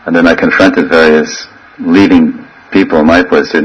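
Deep-voiced man giving a rambling devotional talk. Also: steady tone, moderate pace, muffled recording, background noise. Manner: rambling storyteller, imitates crying children and yelping dogs. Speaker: spiritual teacher. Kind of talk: informal devotional class talk. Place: living in a holy town in India.

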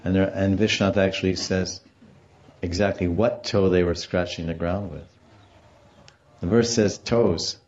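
Mellow-voiced man giving a storytelling lecture. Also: sits low, fairly even intonation, measured pace, pauses often, dull audio. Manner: storytelling, explaining Sanskrit terms, acts out quotes. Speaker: religious teacher. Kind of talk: devotional scripture lecture.

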